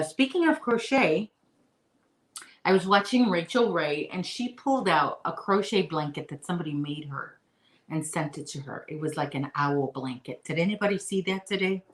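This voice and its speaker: Woman crochet vlogger, lower voice, casual chat, rambling, echoey room. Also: lively intonation, normal speed. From Chicago area. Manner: chatty and rambling, talks to her puppy in a high baby voice. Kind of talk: casual chat to live viewers.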